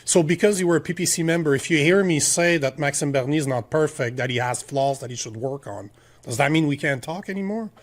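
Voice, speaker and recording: A man's voice: fairly high pitch, fairly quick. A man in his forties with a French Canadian accent, French his first language, co-hosting a political podcast in an emphatic, ranting way full of rhetorical questions. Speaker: podcast co-host.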